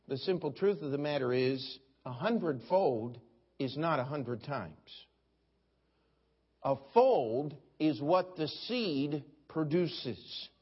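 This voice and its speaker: A man's voice: fairly high pitch, animated, slow, breathy edge. A middle-aged man preaching a sermon as pastor, telling folksy stories and mimicking other preachers. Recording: dull lo-fi sermon recording.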